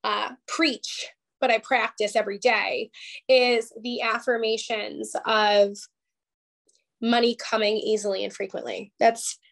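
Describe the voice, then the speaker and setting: A woman's voice: on the high side, flat delivery, unhurried, creaky. A woman, a life coach guest on an interview podcast, telling her story in a candid, emphatic and emotional way, close to tears at times.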